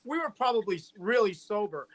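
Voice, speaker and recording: A man's voice: high-pitched, expressive, fairly quick, a crowd in the background. A man calling in over a video call for a casual chat, telling joking stories with lots of restarts. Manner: joking, rambling storyteller with many restarts. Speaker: guest friend calling in.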